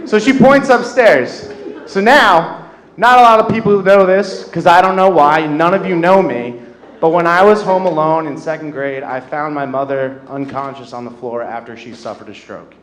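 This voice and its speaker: A young man in his twenties doing a self-deprecating stand-up set on a comedy club stage, getting loud at the punchlines. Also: fairly high pitch, normal speed. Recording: roomy club with audience laughter.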